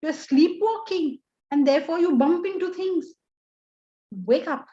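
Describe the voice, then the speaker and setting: Indian lady teacher, high voice, scolds and asks lots of rhetorical questions, kinda muffled lo-fi sound. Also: expressive, measured pace, warm tone. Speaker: Vedanta teacher. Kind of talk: lecture to students.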